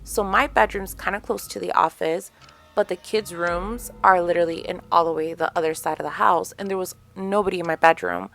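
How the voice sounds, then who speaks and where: A woman's voice: fairly low pitch, brisk, faint music behind. A woman in her thirties hosting a casual podcast, telling stories animatedly with lots of fillers and a few phrases. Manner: animated storytelling, many fillers, Spanish phrases mixed in. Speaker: podcast host.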